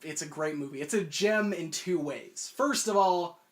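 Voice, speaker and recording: A man's voice: on the high side, normal speed. Young man, twenties, comedic video essay host, rambling, self-deprecating asides. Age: 20s.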